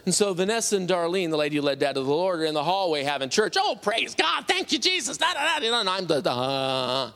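Animated middle-aged man telling his testimony. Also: fairly high pitch. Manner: animated, acts out quoted people. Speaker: testimony speaker. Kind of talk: personal testimony storytelling.

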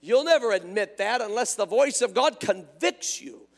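A man preaching an impassioned sermon, swinging between hushed tones and shouts, his voice strained. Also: sits high, lively intonation, normal speed, gravelly. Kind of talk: revival sermon. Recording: reverberant hall sound.

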